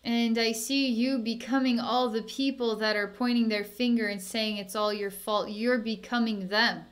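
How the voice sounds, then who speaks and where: A woman working as a psychic healer, talking softly and soothingly through an energy healing session, with sighs and small laughs. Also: fairly high pitch, steady tone, normal speed.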